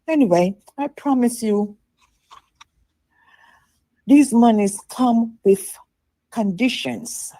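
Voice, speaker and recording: A woman calling in to a talk show, her voice fairly high but darkly warm. The sound is dry and close. She scolds with indignation. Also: animated, slow pace, pauses often, no echo, rough recording. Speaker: caller. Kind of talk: phoned-in call to a talk show.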